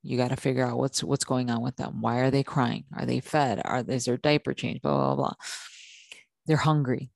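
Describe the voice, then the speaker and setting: Heard in a dry recording, a woman with a very deep voice and vocal fry hosts a podcast talk for mothers at a normal speed, her intonation fairly even. She circles back over the same points, keeps asking "okay?", and often breaks off sentences to start again.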